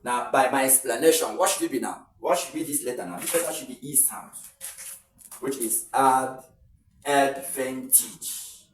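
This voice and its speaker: A man with a Nigerian English accent teaching pronunciation in an online lesson. He explains slowly and repeats words, drawing them out. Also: medium pitch. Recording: echoey room, voice a bit far from the mic.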